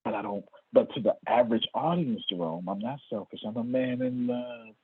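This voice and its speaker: A man speaking to an audience, telling a story in a lively way, calling on listeners by name and acting out what people said. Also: medium pitch, brisk, vocal fry, breathy edge, dry recording. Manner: lively, calls on listeners by name, acts out quoted lines. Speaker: motivational speaker. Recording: tinny phone-like sound.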